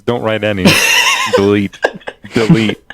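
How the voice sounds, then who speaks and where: A man's voice: fairly low pitch, moderate pace, no echo. A man chatting casually on an animation podcast, sheepish and laughing while the others tease him.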